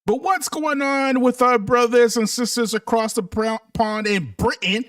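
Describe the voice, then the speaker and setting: High-voiced sarcastic male commentator. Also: steady tone, measured pace, a bit bright, distant mic. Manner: sarcastic, mocking, conversational. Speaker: political commentator. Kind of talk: commentary stream to viewers.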